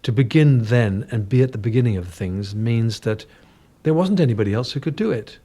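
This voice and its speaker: This guest singer, a man in his sixties from North London, spins chatty, self-deprecating anecdotes during a relaxed radio interview. He speaks briskly and expressively in a warm, mid-range voice. His English accent leans a bit Cockney, with a little northern color.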